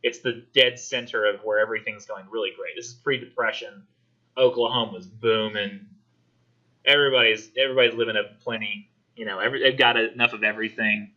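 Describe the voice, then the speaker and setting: A man teaching a college English class, talking casually and acting out characters in quick voices. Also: lowish voice, fairly even intonation, pushed and bright, highs cut off. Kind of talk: classroom discussion lecture.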